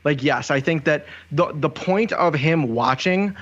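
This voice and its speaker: Podcast guy pushing back on his friend, fairly high voice, kinda muffled lo-fi audio. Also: measured pace, a bit bright. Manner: argumentative, recaps the story. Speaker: podcast co-host. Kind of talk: casual chat. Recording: slightly dull lo-fi sound.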